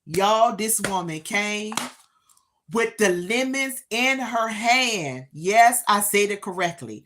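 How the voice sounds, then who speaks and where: A woman hosting a live stream, telling a casual story straight to her viewers with emphatic, drawn-out phrases. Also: medium pitch, expressive, a bit bright.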